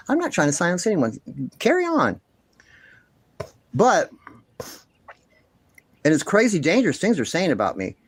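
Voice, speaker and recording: In his commentary vlog, this man delivers an indignant, heated rant full of swearing, repeating his points insistently. His voice is a little high with huge pitch swings, at a moderate pace, and he pauses often.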